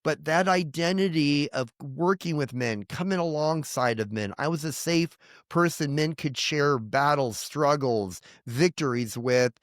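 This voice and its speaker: Pastor in his fifties, earnest rambling testimony, voice sitting a bit high, close and dry. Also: measured pace, no echo. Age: 50s. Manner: earnest, rambling with restarts and quoted prayers. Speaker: pastor and guest. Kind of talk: candid personal testimony.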